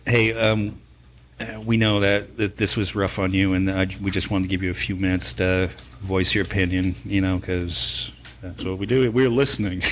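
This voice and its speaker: Supportive man with a very deep voice. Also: fairly bright tone, slight background noise. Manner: supportive and easygoing. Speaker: podcast co-host. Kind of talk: casual podcast chat.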